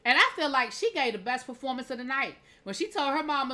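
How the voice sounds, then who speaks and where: A woman's voice: high-pitched, big pitch swings, fast talker, bright, forceful tone. A woman reviewer giving a casual episode recap, opinionated and heated, acting out scenes in quoted dialogue. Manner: opinionated, heated rhetorical asides. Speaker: TV show reviewer.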